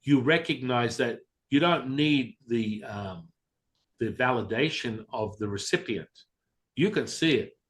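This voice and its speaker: A man's voice: medium pitch, lively intonation, unhurried. A man being interviewed as a spiritual teacher, candid and blunt, casually swearing and acting out voices as he tells his stories. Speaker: Taoist teacher, interview guest.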